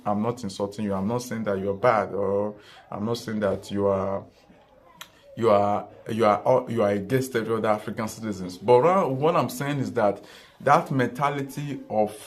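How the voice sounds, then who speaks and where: A man giving an earnest, repetitive political commentary monologue, often restarting his sentences. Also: medium pitch. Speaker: vlogger.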